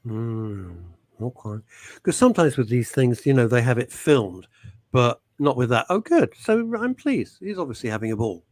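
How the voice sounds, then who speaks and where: A man's voice: medium pitch, big pitch swings, normal speed, a little mellow, no echo. A man hosting a talk show, bantering and teasing in a theatrical way. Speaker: host.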